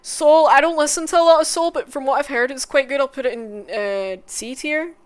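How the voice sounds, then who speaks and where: A woman making a casual music tier list, swearing often, mumbling asides and bursting into loud excited outbursts. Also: high voice, brisk. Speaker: content creator.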